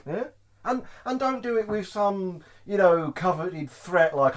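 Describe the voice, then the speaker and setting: Animated man ranting to camera. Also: sits high, unhurried. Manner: lively, keeps asking "Yeah?" to the viewer; laughs often between points. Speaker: truck driver vlogger. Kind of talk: casual to-camera rant.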